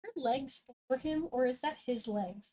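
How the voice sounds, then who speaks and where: A woman's voice: high voice, measured pace, warm tone, low-quality recording. Laid-back young-sounding woman. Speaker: streamer's sister. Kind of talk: casual chat.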